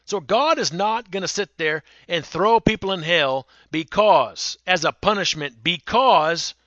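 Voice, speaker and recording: Bright-voiced, emphatic male preacher. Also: high-pitched, lively intonation, a little slow, dry recording, highs cut off. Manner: emphatic, repeats words, speaks in quoted voices. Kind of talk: sermon.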